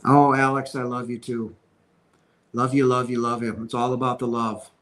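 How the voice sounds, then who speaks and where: A man's voice: mid-range voice, flat delivery, normal speed, a bit bright, low-quality recording. A man hosting a casual question-and-answer stream, speaking earnestly and emphatically, often restarting his sentences. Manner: earnest, emphatic spiritual talk with many restarts. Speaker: host answering viewer questions. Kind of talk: casual Q&A livestream.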